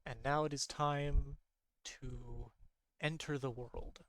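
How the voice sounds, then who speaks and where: A man giving casual, rambling gameplay commentary late at night, sleepy and yawning, who repeats himself and gets excited easily. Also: mid-range voice, takes it slowly, no room sound. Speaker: streamer.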